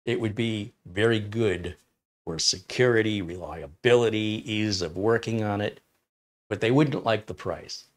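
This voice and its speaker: A man's voice: lowish voice, a little slow. A man hosting a tech live stream, chatting casually and telling an anecdote with frequent laughs. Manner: chatty, storytelling, laughs often. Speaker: tech channel host.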